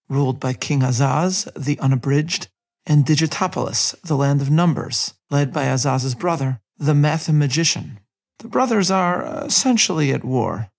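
Gravelly man narrating a scripted podcast. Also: medium pitch. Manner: measured, reads quotes aloud with light character inflection. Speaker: podcast host.

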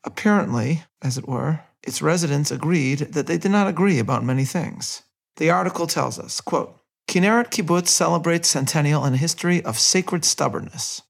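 A man hosting a podcast, reading a measured scripted narration and quoting passages aloud. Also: on the high side, creaky, husky. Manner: measured, reads quotes aloud with light character inflection. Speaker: podcast host.

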